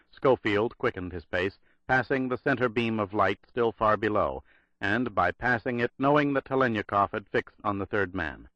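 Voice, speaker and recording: A man narrating a thriller audiobook in a measured, dramatic read. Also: fairly low pitch, a bit bright, no echo, lo-fi sound.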